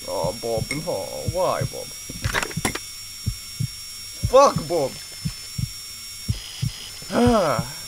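A man's voice: fairly high pitch, noisy background. A man hosting a game video, giving goofy, profane let's-play commentary, taunting a character and letting out sudden yelps. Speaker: gaming video host.

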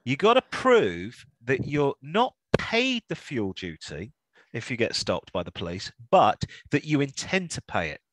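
A man's voice: mid-range voice, very animated, measured pace, dry recording. A man co-hosting a car podcast in a casual, jokey, rambling chat. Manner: chatty, jokey, rambling with restarts. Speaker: podcast co-host.

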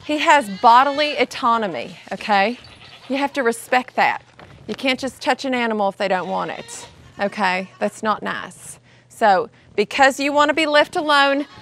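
High-pitched goofy woman hosting kids' video. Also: a bit bright, slight background noise. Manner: goofy, chatty, talks to the animals. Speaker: kids' show host. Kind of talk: playful educational kids' vlog. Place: outdoor animal sanctuary.

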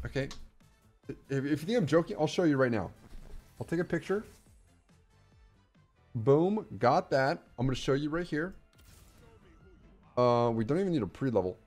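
A man giving excited, rambling live commentary over his game stream, breathless and repeating himself. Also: a little high, moderate pace, pauses often, soft background music.

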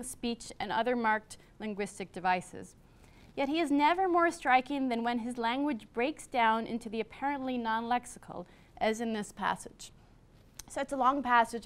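A woman professor giving a public lecture on classics, partly read from a script, measured, with brief asides. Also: on the high side. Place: lecture hall.

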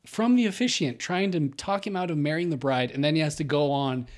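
A man's voice: on the high side, brisk. A young man co-hosting a podcast, reading a listener's story aloud and chatting, laughing often as he talks. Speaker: podcast co-host.

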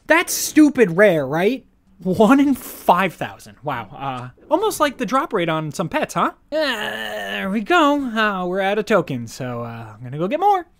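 A man giving casual, goofy gameplay commentary, excitable one moment and mumbling the next. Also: high-pitched, unhurried, creaky. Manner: goofy, excitable, swings between shouts and mumbles. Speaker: gaming YouTuber.

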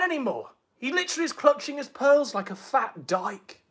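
Sneering, husky-voiced male commentator. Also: very high-pitched, big pitch swings, normal speed, a bit bright. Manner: crude, sneering, taunting. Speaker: online commentator. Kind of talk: profane mocking commentary.

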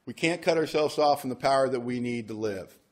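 A man leads a recovery workshop for an audience in a casual, plainspoken way. He talks in a middle pitch, slips in wry jokes, and reads passages aloud. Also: brisk. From United States. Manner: conversational, joking asides, reads passages aloud. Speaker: workshop speaker.

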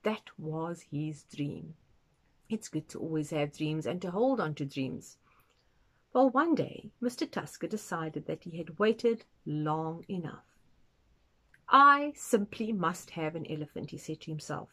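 A woman reading a children's picture book aloud, expressive and adding asides for young listeners. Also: sits low, unhurried, husky. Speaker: storytime reader.

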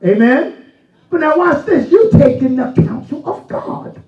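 High-voiced pastor preaching in an echoey church. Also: male voice, expressive, unhurried, soft background music. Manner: folksy preaching that rises into shouted emphasis. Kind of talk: sermon. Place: church sanctuary. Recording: echoey, distant, dull church recording.

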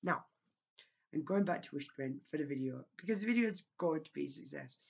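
A woman's voice: low-pitched, lively intonation, a little fast, gravelly, breathy edge, lo-fi sound. A woman YouTuber talking straight to camera in a rambling, scolding vlog rant, recorded at home on her own microphone.

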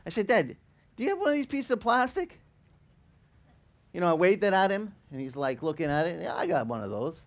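A male pastor telling a lively story in a sermon, acting out the people in it and laughing as he goes. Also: high voice, fairly quick. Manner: animated, acts out quoted voices, laughs while telling. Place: church in Hawaii.

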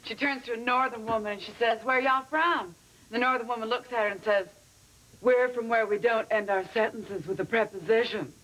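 An actress playing a brassy woman telling a joke briskly. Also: fairly high pitch, steady tone, a bit bright, a little hiss or hum, close to an everyday voice, low-quality recording. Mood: wry.

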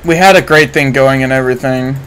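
A man giving live commentary while streaming a game, excitable and prone to swearing and sudden shouts. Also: mid-range voice, a little fast, clear, resonant tone, poor audio.

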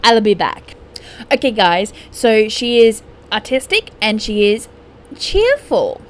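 A woman's voice: fairly high pitch, measured pace. A young woman, chatting casually as she plays a life-simulation game and playfully scolding her characters. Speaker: gaming YouTuber. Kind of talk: casual gameplay commentary.

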